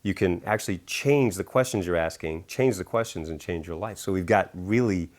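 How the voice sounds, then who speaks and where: A middle-aged man with a low voice tells stories in an animated interview. He grows enthusiastic and acts out quotes with sudden leaps in pitch. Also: normal speed. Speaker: author and speaker.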